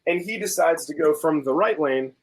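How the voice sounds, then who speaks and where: A man's voice: on the high side, normal speed, poor audio. A man on a video call, casually telling a story with animation and acting out both sides of an argument. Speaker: guest on video chat. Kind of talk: casual chat.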